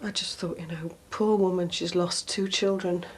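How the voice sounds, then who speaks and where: A woman's voice: lowish voice, steady tone, moderate pace, slight background noise, natural voice. An actress playing a worried, guilt-ridden mother in a TV soap drama, speaking anxiously.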